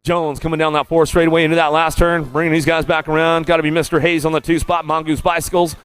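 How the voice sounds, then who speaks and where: A man calling BMX races live as track announcer, rattling off rider names in a rapid, rhythmic play-by-play and repeating stock phrases. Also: on the high side, level tone, clean tone. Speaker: race announcer. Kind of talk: live race commentary.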